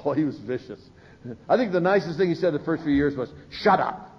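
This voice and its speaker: An older man at a recovery meeting, telling funny stories and acting out the voices of the people he quotes. His voice sits a little high for a man. The live recording sounds muffled and lo-fi. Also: fast talker, slight background noise. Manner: humorous, animated, acts out quoted voices. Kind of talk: storytelling talk from a podium.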